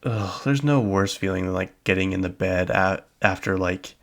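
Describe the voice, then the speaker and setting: Low, gravelly-voiced man rambling casually. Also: normal speed. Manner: rambling, chatty, lots of "like" and small laughs. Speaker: podcast host. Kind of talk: casual solo podcast chat.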